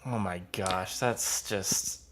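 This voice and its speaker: A man's voice: low-pitched, slow, fairly bright tone. A man hosting a podcast in his studio, asking questions in a jokey way, laughing a lot and slipping into playful impressions. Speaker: podcast host. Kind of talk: casual interview chat.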